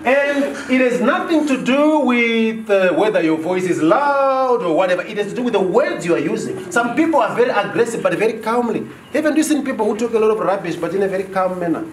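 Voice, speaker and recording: A man's voice: high voice, a little fast, few pauses, slight background noise. A man teaching a workshop class. He quizzes the room and acts out office dialogues. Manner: animated, asks the class questions and acts out dialogues. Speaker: business trainer. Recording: roomy echo from far off.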